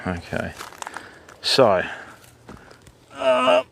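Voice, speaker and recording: An older man with a gravelly, fairly high-pitched voice hosts a casual fishing livestream outdoors. He chats freely and greets his viewers one by one. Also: huge pitch swings, drawn-out words, noisy background. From Australia. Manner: chatty, greets viewers by name. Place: outdoors by a river.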